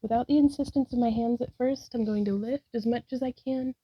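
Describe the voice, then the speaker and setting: A woman's voice: on the high side, fairly even intonation, fairly quick, highs cut off. A woman narrating her own yoga practice, talking through poses with frequent sighs, out of breath and upbeat as she encourages herself. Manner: breathy, sighing between cues. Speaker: yoga vlogger.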